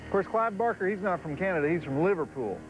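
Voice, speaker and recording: A man's voice: high-pitched, animated, fast talker, lo-fi sound, over music. A middle-aged man hosting a horror movie night, making sardonic, drawling cracks with chuckling asides. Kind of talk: wisecracking TV movie host.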